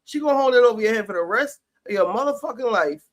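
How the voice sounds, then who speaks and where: A man's voice: extremely high pitch, animated, fast. A man giving sassy, profane, heated commentary on a reality show while cooking in his home kitchen. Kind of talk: casual commentary chat.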